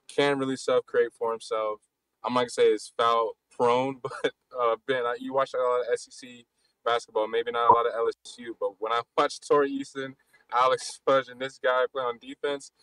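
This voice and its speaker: A man hosting a casual live basketball chat, talking fast and loosely with frequent restarts. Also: mid-range voice, steady tone, fairly bright tone, no room sound, rough recording. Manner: rapid, loose talk with many restarts. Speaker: podcast host.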